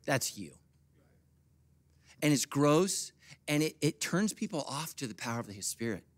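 A middle-aged man preaching a sermon as pastor, swinging from quiet, confiding asides to loud, high-pitched bursts. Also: animated, normal speed, no room sound.

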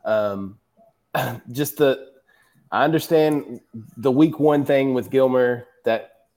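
Man, mid-pitched, confident picks, light teasing. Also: slow, darkish tone. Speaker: podcast co-host. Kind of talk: casual sports chat.

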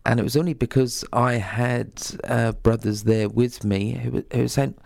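Gravelly-voiced man, dry studio sound. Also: mid-range voice, steady tone, darkish tone, no echo. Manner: halting, repeats words while recalling. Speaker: radio co-presenter. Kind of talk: community radio talk show. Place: radio studio.

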